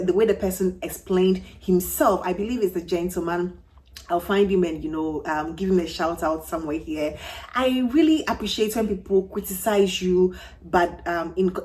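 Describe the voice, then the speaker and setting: A woman in her thirties with a Ghanaian English accent talks through a casual fragrance review. Her voice sits a little low for a woman. She leans on "you know" and restarts phrases as she goes, friendly and unscripted. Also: a little mellow. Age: 30s. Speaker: fragrance vlogger.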